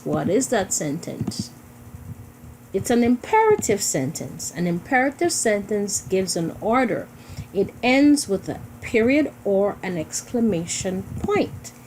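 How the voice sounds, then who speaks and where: A woman teacher talks students through a recorded lesson slowly and patiently, going over each point more than once. Her voice is mellow and warm, and her pitch rises and falls with a lively lilt. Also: a little hiss or hum, rough recording. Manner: slow, patient, repetitive explaining to students.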